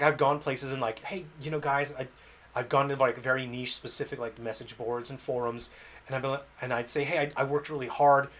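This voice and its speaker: A man's voice: mid-range voice, a bit bright. A man, an indie game developer, chatting casually on a livestream, rambling and self-deprecating and often laughing.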